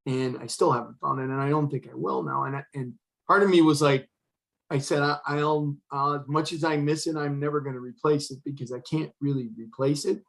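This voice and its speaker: A man's voice: a little high, steady tone, a little fast, gravelly, fairly bright tone, rough recording. An older man, a retired fire chief, telling a personal story as an interview guest, earnest and acting out the dialogue he quotes. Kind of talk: emotional storytelling in conversation.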